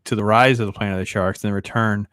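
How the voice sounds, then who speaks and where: A man's voice: lowish voice, steady tone, fast talker, a bit bright, clean tone, dry recording. A man hosting a casual movie review chat, laughing and incredulous. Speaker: podcast host.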